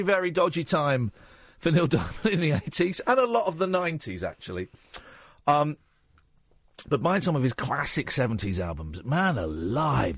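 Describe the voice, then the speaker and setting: A man hosting a late-night radio show, chatting in a rambling, self-mocking way that slips into a squeaky put-on voice. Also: no room sound, studio quality.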